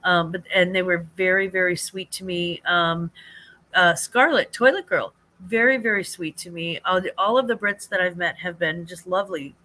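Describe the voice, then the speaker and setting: An older woman, a grandmother, hosting a casual live chat, rambling warmly with many fillers, restarts and frequent laughs. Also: fairly low pitch, normal speed. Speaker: livestream host.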